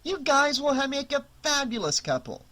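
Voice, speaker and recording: A narrator voicing a brash, teasing teenage girl who talks loud and crude. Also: high-pitched, very animated, moderate pace, pitched above the performer's own voice, full character voice. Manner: loud, brassy and mocking.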